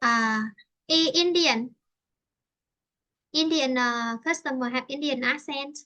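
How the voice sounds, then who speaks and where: A woman with a Vietnamese accent teaching an online English lesson, explaining slowly in simple English and repeating herself. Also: sits high, sharp tone.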